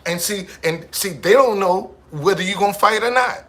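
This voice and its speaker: Profane, emphatic man with bright voice. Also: high voice, moderate pace. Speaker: street musician. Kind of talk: casual monologue.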